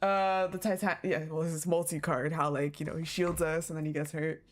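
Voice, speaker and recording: A woman's voice: deep voice, level tone, brisk. A woman streaming her reaction to a game, reading the story aloud and laughing a lot. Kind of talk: casual live reaction.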